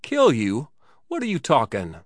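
A man's voice: fairly low pitch, big pitch swings, takes it slowly, no echo, clean studio sound, full character voice. A man voicing a stern, hot-tempered hotel proprietor who scolds and demands answers, in a story reading.

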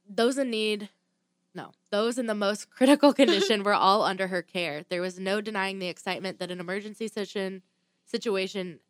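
A woman's voice: medium pitch, dry recording. A woman hosting a casual chat and telling a true crime story from notes, with blunt asides and the odd swear word.

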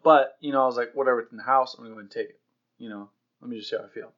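Young male podcast co-host, mid-pitched voice, blunt and laid-back, swears freely, dull lo-fi audio. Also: fairly even intonation, very fast, fairly bright tone. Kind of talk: casual podcast chat.

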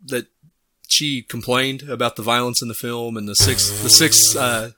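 A man's voice: medium pitch, normal speed, pushed and bright, no room sound. A man co-hosting a podcast, sharing film trivia and steering the talk. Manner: shares trivia, steers topics. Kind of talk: casual movie chat.

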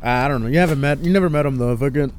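A man's voice: medium pitch, racing, darkish tone, slight background noise. Young man rambling casually. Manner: loose, rambling anecdotes. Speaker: podcast guest. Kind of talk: casual podcast chat.

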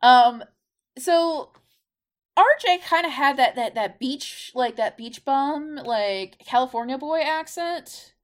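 A woman's voice: sits high, slow. A woman co-hosting a podcast in casual chat, talking loosely with lots of "like" fillers. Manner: chatty, heavy use of "like" fillers. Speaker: podcast co-host.

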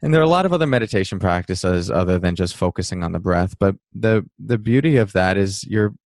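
A man who teaches mindfulness, talking through an interview answer in a relaxed, reflective way and acting out passing thoughts with small laughs. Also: low voice, fairly quick, no echo.

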